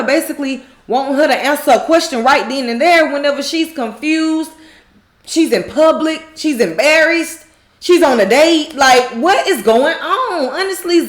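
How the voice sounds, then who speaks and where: A recap YouTuber with a high voice casually goes over a TV drama episode, animatedly retelling scenes, acting out characters' lines, and laughing often.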